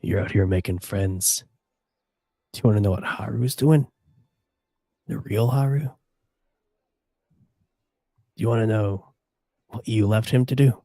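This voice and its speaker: A man plays a wry former agent who now wears a sheriff's badge. He speaks in a lowish, gravelly voice that stays dry and low-key while he probes. The sound is close and dead. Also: measured pace, pauses often, dark tone, no echo. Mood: pointed.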